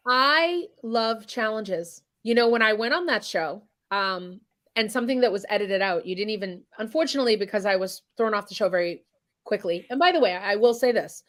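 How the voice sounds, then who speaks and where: A woman's voice: mid-range voice, lively intonation, a little fast, a bit bright. A woman talking as an interview guest, blunt and emphatic, swearing freely as she speaks her mind. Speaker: guest chef and singer. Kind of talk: candid interview talk.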